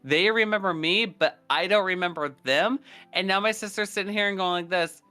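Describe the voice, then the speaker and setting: Young man, podcast co-host, casual chat, animated, profane, bright tone. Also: moderate pace, smooth, faint music behind. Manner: animated, swearing, acts out quoted people in a higher voice.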